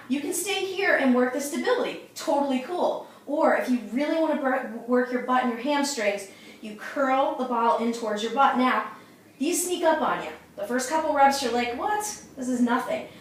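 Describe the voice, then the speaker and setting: With a high voice at a moderate pace, a woman instructor walks through exercises in her home, winded but encouraging. "Okay?" and "you guys" come up often. The sound is distant and echoey, with a little hiss or hum.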